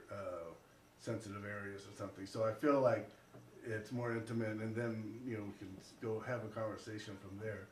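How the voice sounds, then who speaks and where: A man muses on a comedy show in a loose, rambling way, circling back to restart his thoughts. His voice sits at an ordinary pitch and carries a roomy echo from the living room where he performs. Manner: rambling, reflective, halting restarts. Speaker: guest comedian. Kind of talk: casual comedic monologue. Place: living room with small audience.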